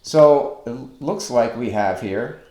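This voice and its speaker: In an echoey room, a man teaches a recorded online lesson on poetic meter, slow and deliberate as he counts out stresses and feet. His medium-pitched voice is warm, with lively intonation.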